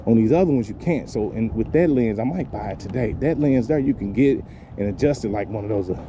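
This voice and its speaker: A man's voice: on the low side, animated, brisk, muffled recording, background noise. A man with kids, vlogging casually while walking outdoors in a lakeside park, filming on a handheld phone, rambling loosely, cursing and laughing at his own jokes. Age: adult with kids. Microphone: handheld phone camera.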